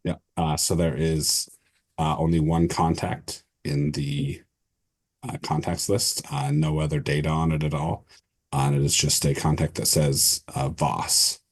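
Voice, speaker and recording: A man with a very low, husky voice narrates a tabletop game as game master. He describes scenes loosely, with many fillers and restarts. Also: little pitch movement, a little slow.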